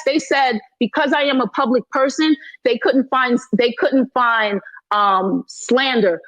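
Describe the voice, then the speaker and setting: A woman's voice: high voice, dry recording. A woman of Haitian heritage, probably in her thirties, talking heatedly in an audio chat room, emphatic and repeating herself as she defends her side. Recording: dry, slightly dull phone audio.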